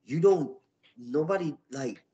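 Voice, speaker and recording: A middle-aged man, a wrestler, telling stories in a casual interview, animated and full of swearing. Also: on the high side, measured pace, lo-fi sound. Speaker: wrestler guest. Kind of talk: casual storytelling.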